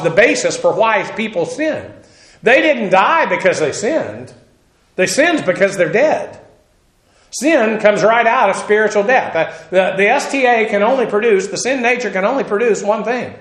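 A man delivering a verse-by-verse sermon in a fairly high voice for a man, talking emphatically and conversationally, with dry humorous asides. The room around him rings with echo. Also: a bit bright. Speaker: pastor. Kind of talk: expository Bible teaching sermon. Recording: echoey room.

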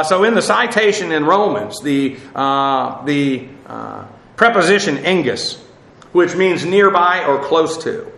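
A man teaching a verse-by-verse Bible lesson, talking off the cuff with many fillers and restarts, slowing down to explain Hebrew and Greek words. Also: fairly high pitch, bright, forceful tone, roomy sound, low-quality recording. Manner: explanatory, slows to spell out Hebrew and Greek terms.

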